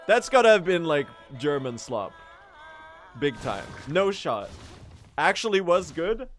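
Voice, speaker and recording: A man's voice: on the high side, big pitch swings, measured pace, faint music behind. A young man chatting casually on a speedrun stream, self-mocking and laughing often. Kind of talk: casual live-stream chat.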